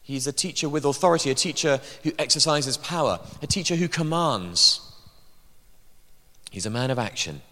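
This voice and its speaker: A man's voice: on the high side, expressive, normal speed, sharp tone. A man preaching a sermon in a church, emphatic, with dry asides. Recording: long hall reverb.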